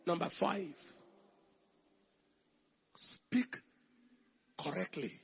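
A man preaches in a high, bright voice with a heavy rasp and a gravelly edge. He repeats phrases, drops to near whispers, then shouts out declarations. The sermon recording sounds dull and lo-fi. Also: drawn-out words. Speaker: pastor.

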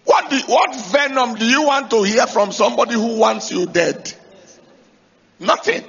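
Gravelly, high-pitched male preacher. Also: unhurried, muffled recording. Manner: emphatic, rising to shouts to drive points home; asks the congregation rhetorical questions. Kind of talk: sermon.

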